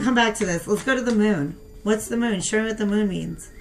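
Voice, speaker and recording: A woman's voice: mid-range voice, normal speed, few pauses. Chatty young woman giving a tarot reading. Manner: chatty and animated, talks to viewers as "you guys". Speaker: tarot reader. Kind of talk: casual spoken tarot reading.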